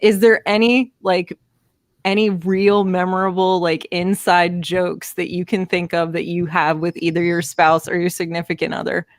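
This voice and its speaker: A woman's voice: fairly low pitch, flat delivery, normal speed, no room sound. Laughing woman, dry close sound. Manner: laughs often, trails off mid-sentence. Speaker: podcast co-host. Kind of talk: casual chat.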